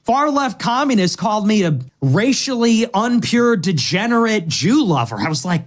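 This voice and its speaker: A man's voice: high-pitched, sing-song, moderate pace, hardly any pauses. A man in a played stream clip talking in a sarcastic, mock-earnest way. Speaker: online commentator in a played clip.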